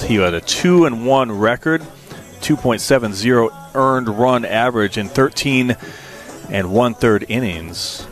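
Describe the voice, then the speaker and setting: A man calling baseball play-by-play, low and relaxed for stats, then climbing sharply in pitch and volume on big hits. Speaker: play-by-play announcer.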